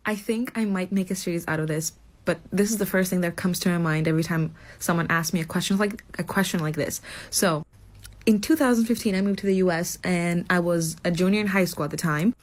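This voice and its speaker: A woman's voice: lowish voice, brisk. Young woman from Greece, dry and wry. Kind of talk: casual storytelling.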